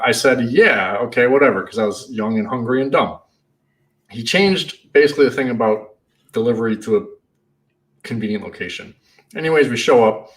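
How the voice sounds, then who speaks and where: A man who runs a party rental business, telling stories in a casual, animated way and acting out the shouting in them. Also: mid-range voice, recorded from a distance. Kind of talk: casual storytelling.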